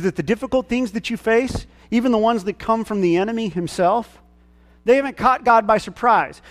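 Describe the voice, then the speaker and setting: High-voiced twangy preacher. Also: male voice, long reverb tail. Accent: central US twang. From central United States. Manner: earnest preaching that builds to emphatic, raised-voice peaks. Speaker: pastor. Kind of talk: sermon. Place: church sanctuary.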